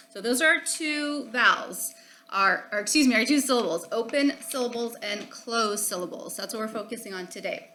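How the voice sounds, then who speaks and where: A woman's voice: on the high side, bright, forceful tone. A woman teacher giving a phonics lesson to young children, explaining patiently step by step and checking in with frequent "okay?".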